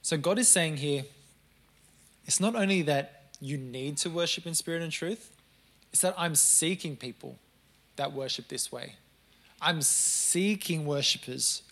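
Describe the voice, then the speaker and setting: A man's voice: fairly high pitch, a bit bright. A man preaching a sermon in a conversational, earnest way, with joking asides to the congregation.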